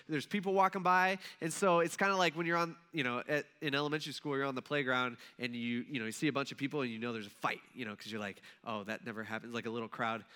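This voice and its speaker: A man's voice: on the high side, sharp tone, clean tone. A man from Ohio giving a casual Bible lesson, chatty and checking in with his listeners. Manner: conversational, checks in with listeners, many fillers. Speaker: Bible teacher.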